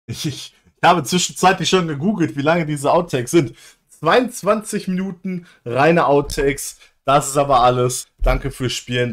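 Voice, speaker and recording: A man, a let's player, giving a casual video outro in a relaxed way, thanking his viewers. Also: medium pitch.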